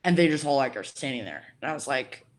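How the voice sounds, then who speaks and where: A woman's voice: a bass voice, animated, fast. A young adult woman, a podcast guest, chatting casually and telling a story. She fills her speech with "like" and acts out the voices of people she quotes. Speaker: podcast guest, college debater.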